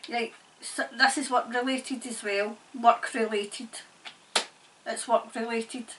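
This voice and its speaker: A woman giving a spirit-channelling reading in halting, repetitive, murmured phrases. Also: fairly high pitch, fairly even intonation, fairly bright tone. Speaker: tarot reader and medium. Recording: distant mic, faint background noise.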